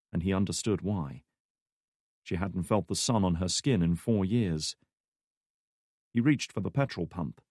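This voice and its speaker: Male audiobook narrator, low voice, measured, steady, dry close recording. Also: dry recording. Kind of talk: scripted narration.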